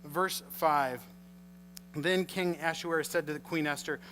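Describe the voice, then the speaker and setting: A male pastor preaching a sermon, reading scripture and retelling it with animated storytelling. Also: fairly high pitch, measured pace, a little hiss or hum, rough recording. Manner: animated storytelling, acts out scenes.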